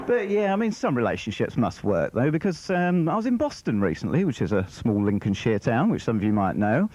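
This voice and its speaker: A man doing a stand-up comedy routine, rambling and deadpan, slipping into acted-out voices. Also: on the high side, brisk. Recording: muffled, slightly noisy 1990s TV broadcast. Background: audience laughter.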